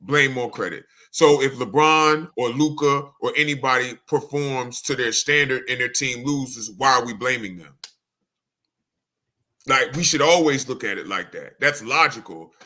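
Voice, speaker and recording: A man's voice: mid-range voice, moderate pace, sharp tone. A man co-hosting a sports podcast, laying out a reasoned, methodical argument. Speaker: podcast co-host. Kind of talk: sports debate monologue.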